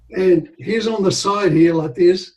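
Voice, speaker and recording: Older male guest, raised voice, animated storyteller acting out dialogue. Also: high voice, low-quality recording. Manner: animated anecdotes with quoted dialogue and laughter. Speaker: interview guest. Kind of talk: storytelling in a casual interview.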